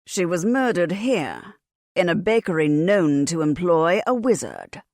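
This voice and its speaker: A woman puts on a stern, self-important male inquisitor from a fantasy audiobook. He speaks with slow, clipped authority that sounds like an accusation, in a lowish voice. The sound is close and dry. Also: sing-song, darkish tone, no echo.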